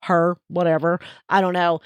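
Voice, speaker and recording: A woman co-hosting a podcast in casual chat, excitable and chatty. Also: fairly low pitch, moderate pace, clear, resonant tone, no room sound. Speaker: podcast co-host.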